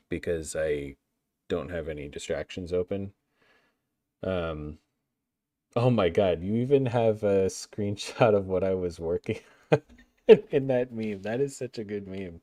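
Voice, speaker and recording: A man's voice: deep voice, warm tone, no echo. A man chatting casually on a livestream while building a game map, playful and talkative as he answers viewer chat.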